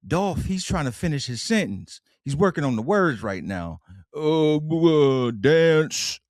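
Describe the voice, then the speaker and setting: A man's voice: on the high side, very animated, takes it slowly, darkish tone, dry recording, studio quality, voice pushed up. A man voicing a dismissive, impatient teenage girl in a joking retelling. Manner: shushing, impatient.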